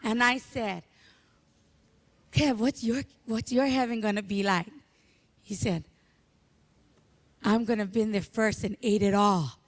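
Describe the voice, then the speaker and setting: A woman giving a heartfelt eulogy at a memorial, telling stories with animated emotion. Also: mid-range voice, unhurried, pauses often. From Hawaii. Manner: emotional, animated storytelling, tearful at moments. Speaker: memorial speaker.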